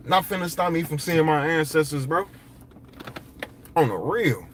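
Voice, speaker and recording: A man's voice: a little high, lively intonation, a little slow, long pauses, fairly bright tone. Rambling, profane casual male vlogger. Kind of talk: casual monologue.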